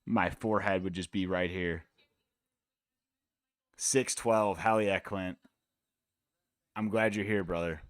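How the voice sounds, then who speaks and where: A man's voice: deep voice, steady tone, slow, long pauses, no echo, studio quality. A man from the United States hosting a live fight watch-along stream, talking in a laid-back, rambling, profane way. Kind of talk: casual chat.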